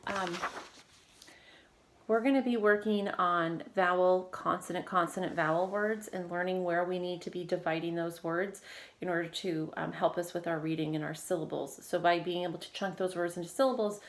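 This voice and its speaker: A woman teacher leading a recorded phonics lesson, giving steady step-by-step prompts and quick praise. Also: on the low side. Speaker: reading teacher.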